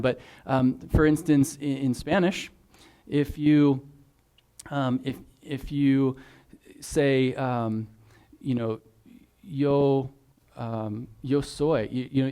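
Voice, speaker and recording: A man's voice: on the high side, darkish tone. A male pastor preaching an expository sermon in a church, conversational, with frequent ums and restarts. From United States. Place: church sanctuary.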